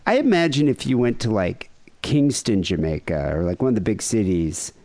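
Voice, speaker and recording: A man's voice: lowish voice, moderate pace, no room sound. A man co-hosting a podcast, telling a rambling, profane story in casual chat. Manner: animated, profane, mimics people in quotes. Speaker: podcast co-host.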